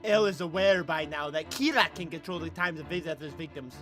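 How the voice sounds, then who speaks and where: A man voicing a smug, scheming young male student mastermind, gloating with sudden shouted outbursts. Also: a little high, brisk, soft background music, lightly acted. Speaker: streamer dubbing a clip.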